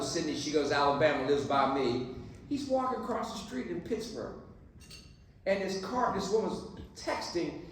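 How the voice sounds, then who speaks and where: A high-voiced man gives a keynote speech at a dinner. He is punchy and preachy, and he jokes with the crowd as he goads them on. His voice rings through a very echoey banquet hall, picked up by a distant mic with faint noise underneath. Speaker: keynote speaker.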